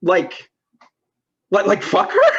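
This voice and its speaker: A man's voice: high-pitched, wildly swooping pitch, slow pace, dull audio, heavily acted. A man playing an exasperated, straight-laced American guy who keeps protesting in disbelief. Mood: incredulous. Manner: incredulous, protesting.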